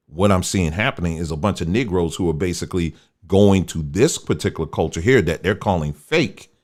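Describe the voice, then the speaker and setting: Man, deep voice, casual commentary, folksy. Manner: conversational, folksy, mocks others in quoted voices. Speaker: host. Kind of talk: casual commentary on pictures shown on screen.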